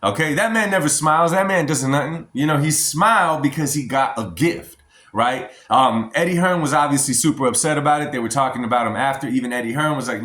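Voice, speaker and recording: A man's voice: medium pitch, a little fast, a bit bright, reverberant. An American man giving a casual, emphatic opinion vlog as a boxing commentator, often addressing his viewers as y'all. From United States.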